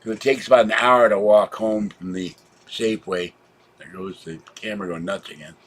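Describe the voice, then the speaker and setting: Man, husky voice, lowish pitch, rambling storyteller, tired, chatty vlog, abrupt loud exclamations. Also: steady tone, moderate pace. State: tired, low on energy. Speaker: vlogger.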